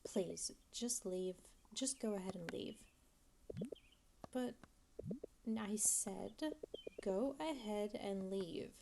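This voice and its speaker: A woman voicing a cold, angry teenage girl in a video game who talks in curt, hushed lines. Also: medium pitch, takes it slowly, creaky, long pauses, noisy background. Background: game music.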